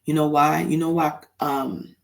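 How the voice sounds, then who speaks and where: Heated man ranting, gravelly voice. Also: a little high, flat delivery, unhurried. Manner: heated, blunt, swears freely. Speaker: podcast host. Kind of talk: opinionated solo commentary.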